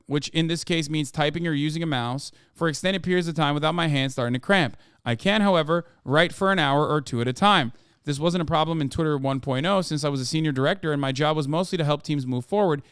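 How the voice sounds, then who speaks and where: Man putting on a smooth Icelandic accent, reading a letter, brief. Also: a little high, quick pace, fairly bright tone, dry recording, clean studio sound, lightly acted. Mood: matter-of-fact. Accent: put-on Icelandic.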